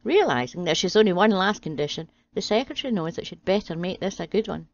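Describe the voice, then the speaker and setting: A woman reading a string of jokes aloud in a steady, deadpan way. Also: lowish voice, fast, no room sound. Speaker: channel host reading jokes. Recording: dry, slightly dull home audio.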